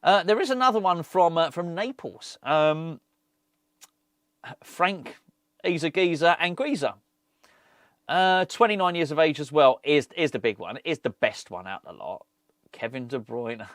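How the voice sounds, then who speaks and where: A man's voice: fairly high pitch, fairly bright tone, no echo, clean studio sound. A middle-aged man, hosting a fan channel and chatting casually on his own with rambling, jokey asides. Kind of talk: casual solo football chat.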